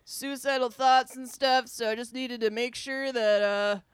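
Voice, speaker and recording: A woman's voice: on the high side, fairly even intonation, a little slow, clear, resonant tone, dry recording, close to an everyday voice. A woman playing a laid-back male surf shop guy who drawls with lots of fillers in an improvised comedy sketch.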